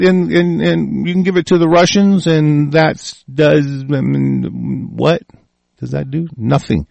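A man's voice: vocal fry, dry recording. Swearing, ranting man. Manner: reads lines aloud then rants with heavy swearing; loud and heated, then mutters low. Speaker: vlogger reacting to a text. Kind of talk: profane angry political rant.

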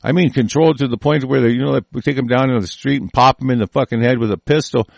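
A man's voice: mid-range voice, fast talker, gravelly, a little mellow, no room sound. A man delivering a heated, profane, rambling monologue with many restarts. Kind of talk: ranting monologue.

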